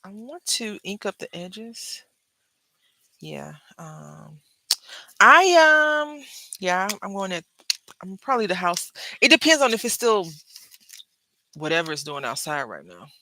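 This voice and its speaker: Bright-voiced chatty woman crafting. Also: medium pitch, big pitch swings, a little slow, long pauses, rough recording. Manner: chatty storyteller, drifts between crafting and anecdotes; talks to viewers directly. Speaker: craft vlogger. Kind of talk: casual chat while crafting.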